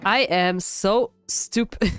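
A woman with a sick, hoarse voice, giving casual, self-deprecating commentary while playing a building game. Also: mid-range voice, extremely slow, slight background noise. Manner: self-deprecating, frequent laughs. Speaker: gaming channel host. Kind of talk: casual let's-play commentary.

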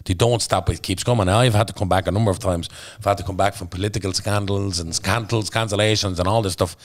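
Fast-talking deep-voiced Dublin man. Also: steady tone, dry recording. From Ireland. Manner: blunt, swears freely, intense. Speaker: podcast guest. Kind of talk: candid storytelling in conversation.

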